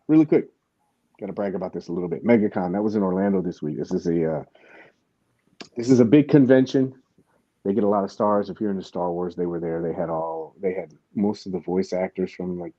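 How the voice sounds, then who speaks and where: A man with a low, very dark and mellow voice tells a rambling convention story on his podcast, restarting his sentences as he goes. The sound is dry and a little dull, like a modest lo-fi studio setup. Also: no echo. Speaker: podcast host. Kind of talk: casual chat.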